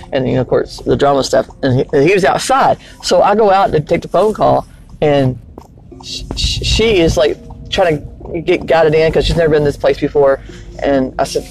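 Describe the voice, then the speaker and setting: A man casually telling a funny bar story while in his car, laughing often and acting out the people he quotes. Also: low-quality recording. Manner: animated, laughs often, acts out quotes in a higher voice. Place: inside a car.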